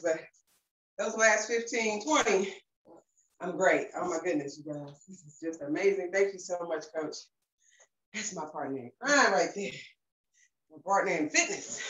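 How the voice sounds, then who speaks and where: A woman's voice: on the low side, expressive, a little slow, pauses often, a bit bright. A woman leading a guided breathing session, bubbly and laughing often, a little out of breath. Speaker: wellness class leader. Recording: echoey room with faint music.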